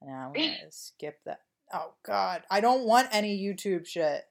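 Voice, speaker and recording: A woman's voice: mid-range voice, lively intonation, moderate pace, gravelly. A woman co-hosting a podcast in casual chat, rambling and wry with lots of fillers. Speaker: podcast co-host.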